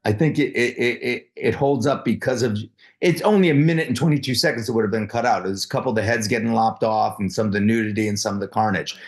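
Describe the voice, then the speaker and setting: A middle-aged man, a guest actor in a casual interview, telling animated stories while stumbling and repeating words. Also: on the low side. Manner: halting, restarts and repeats words often.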